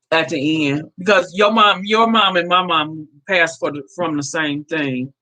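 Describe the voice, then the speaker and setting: Woman in her 50s on a livestream, bright sharp voice, talks straight to the chat and repeats herself a lot. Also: sits low, poor audio. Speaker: livestream host. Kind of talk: casual live-stream chat with viewers.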